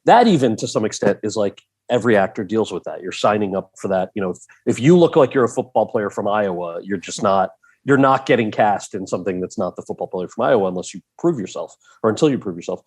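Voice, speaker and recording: A man in his forties, a podcast guest, telling a long story in an animated way and acting out the voices of the people in it. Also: on the low side, fast talker, slightly rough. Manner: animated, acts out quoted voices in his anecdotes.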